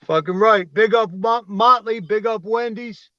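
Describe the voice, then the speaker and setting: High bright guy chiming in on a stream, dull dry sound. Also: a little slow, no room sound. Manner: brief agreeing interjections. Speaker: co-host. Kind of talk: casual livestream chat.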